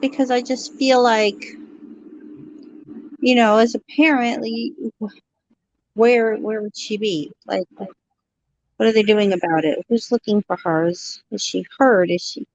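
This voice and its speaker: A woman guest and parent in a casual chat, speaking earnestly and haltingly, with many questions. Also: a little high. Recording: dry, dull lo-fi sound.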